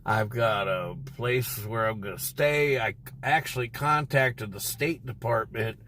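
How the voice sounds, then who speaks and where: A man's voice: medium pitch, a little slow, a bit bright, a little hiss or hum. A man telling a rambling, profane story on a casual livestream from inside his car. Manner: profane, rambling and irritated, heavy swearing. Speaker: livestream host.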